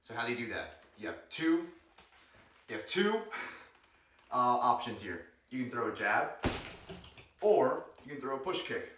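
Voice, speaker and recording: A man's voice: mid-range voice, measured pace, long pauses. A man teaching self-defense moves in a joking vlog, calling out strikes as he demonstrates them. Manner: playful, demonstrates moves while explaining, cracks jokes; energetic, calls out strikes during demonstrations. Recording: roomy, distant mic, noisy.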